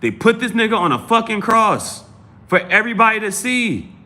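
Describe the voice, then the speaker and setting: Male live-stream host, bright and fairly high voice, with profane, emphatic and rambling delivery. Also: sing-song, moderate pace. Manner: repeats and restarts phrases. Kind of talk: casual live-stream talk.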